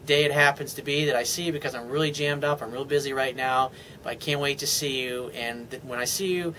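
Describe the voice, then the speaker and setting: A man's voice: fairly high pitch, fairly bright tone, slight background noise. A man giving dating advice as a coach, blunt and emphatic, with casual swearing. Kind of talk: advice monologue to a viewer.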